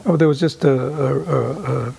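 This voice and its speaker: A man giving a meditation talk and answering questions, halting with many fillers and asking "right?" often, sometimes dropping to a whisper. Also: medium pitch, gravelly, mellow, slightly rough. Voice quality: often drops to an unvoiced whisper. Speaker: meditation teacher.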